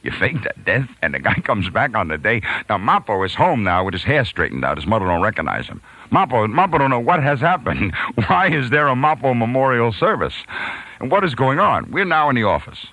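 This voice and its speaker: A man's voice: mid-range voice, a little fast, no echo, low-quality recording. A man, a radio host from New York, telling a long funny story and acting out the voices of the people in it. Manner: animated storyteller, acts out voices, laughs mid-story. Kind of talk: storytelling monologue.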